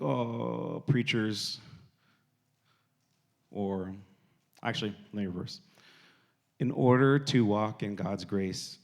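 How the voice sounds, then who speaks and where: A man giving a casual sermon to young people, talking conversationally and repeating phrases for emphasis. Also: lowish voice. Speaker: youth preacher.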